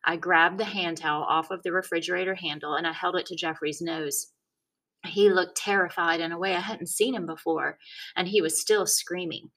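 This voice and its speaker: A woman reading a chapter of a children's novel aloud, telling it in the first person with a wry, deadpan tone. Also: on the low side, moderate pace. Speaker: audiobook narrator. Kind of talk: first-person storybook narration.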